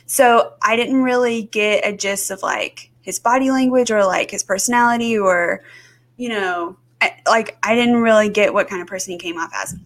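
A podcast co-host chats casually, full of fillers and restarts. Her voice sits at a medium pitch with a fairly bright tone, and she speaks at a normal speed.

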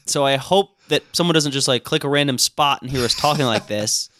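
A man's voice: mid-range voice, brisk, fairly bright tone, dry recording. A man in his thirties from Florida, co-hosting a casual podcast in a chatty, self-deprecating way. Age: 30s. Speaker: podcast co-host.

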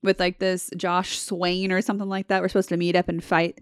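A woman hosting a podcast, quick-witted and teasing in casual chat. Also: lowish voice, level tone, clean tone, dry recording, clean studio sound. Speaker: podcast host, therapist.

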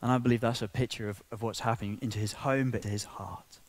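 A man preaching a sermon, building to emotional peaks then dropping to a hush. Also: lowish voice, fairly even intonation, quick pace. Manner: impassioned, swinging between soft and loud.

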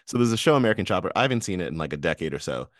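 Male podcast co-host, low voice, dry close sound, loose and laughing, rambles through restarts. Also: big pitch swings, very fast, no room sound. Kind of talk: casual finance chat.

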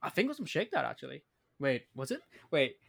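A man co-hosting a casual quiz podcast, talking in an animated, excitable way and quick to protest. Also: medium pitch, creaky. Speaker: podcast co-host.

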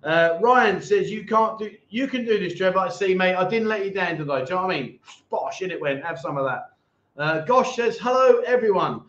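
A man's voice: high voice, lively intonation, brisk, fairly bright tone. A man hosting a casual livestream, chatting and joking with viewers as he reads their comments. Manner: chatty, jokey banter with viewers. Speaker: livestream host. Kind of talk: casual live chat reading comments. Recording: echoey room, dull lo-fi sound.

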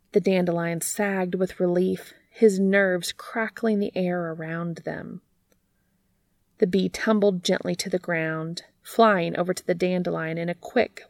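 A woman reading a fan-written fable aloud in a gentle storybook narration. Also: fairly low pitch, vocal fry, no echo, clean studio sound. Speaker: podfic reader.

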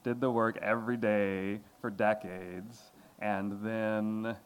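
An older man from New Jersey speaks on a panel in a low voice. He is earnest and reflective, with a laugh now and then as he talks. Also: flat delivery, slow, smooth. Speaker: conceptual artist on a panel. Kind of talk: panel remarks.

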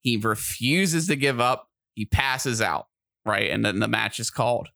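A man co-hosting a podcast in casual chat, excitable and quick to get loud and animated. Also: medium pitch, gravelly, no echo, studio quality. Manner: excitable, gets loud and animated when riled. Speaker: podcast co-host.

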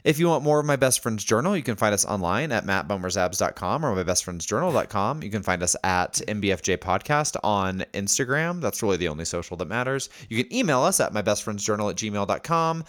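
Animated man with a lively voice. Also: on the low side, brisk, few pauses. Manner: animated, playful, giggly. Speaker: podcast co-host. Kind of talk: casual chat.

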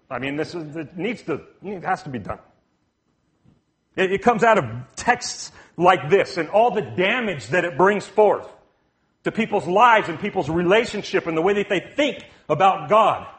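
Casual, joking pastor with a higher voice. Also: male voice, fairly bright tone. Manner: casual and joking, frequent restarts and "you know what I mean". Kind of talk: conversational sermon.

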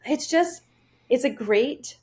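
A woman's voice: high voice, expressive, takes it slowly, a little mellow. A woman in her forties, a fitness and nutrition coach, chatting as a podcast guest, with frequent laughs and restarts. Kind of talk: casual interview storytelling.

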